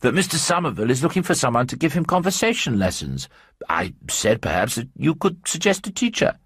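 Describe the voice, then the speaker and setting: A man's voice: mid-range voice, big pitch swings, a little fast, a bit bright, breathy edge, no echo, studio quality, voice pushed up. A man voicing a stout, talkative English journalist with an eager, ingratiating manner. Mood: persuasive. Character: stout chatty English journalist husband, middle-aged.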